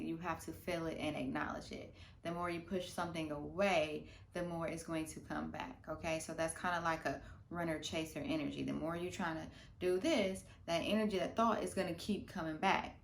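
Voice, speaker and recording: A woman vlogger giving casual, playful meditation advice, full of slang, swinging from lively bursts to soft murmurs. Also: fairly low pitch, creaky, a little hiss or hum. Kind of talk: casual instructional talk. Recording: roomy room echo.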